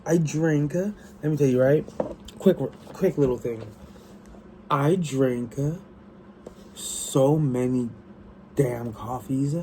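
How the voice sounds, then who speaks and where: A tired man talks through a book he loves in a loose, rambling way, doubling back on himself and swearing freely. His voice is mellow and unhurried, with a faint hum of room ambience behind him. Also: medium pitch, low-quality recording. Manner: rambling, excitable, lots of restarts and profanity. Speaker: book vlogger. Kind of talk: casual chat about a book.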